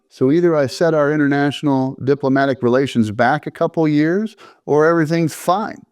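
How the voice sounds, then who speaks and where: A man's voice: medium pitch, dry recording. Dry-humored middle-aged man telling a story. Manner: dry, matter-of-fact humor. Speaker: army veteran telling stories. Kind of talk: first-person storytelling to camera.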